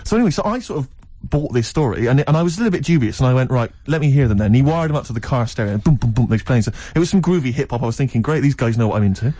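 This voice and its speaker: A young man tells a story in quick, casual chat, slipping into the voices of the people he met. His tone is warm and mellow, and he talks briskly. The recording is close and dry. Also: mid-range voice, no room sound. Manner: animated, laughing often, acts out quoted voices. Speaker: storyteller guest.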